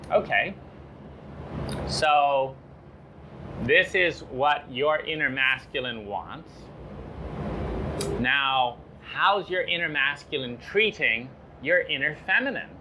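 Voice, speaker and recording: A man giving a motivational self-help talk, pausing often with fillers and firing off rhetorical questions. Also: on the high side, noisy background. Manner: slow, halting with frequent fillers.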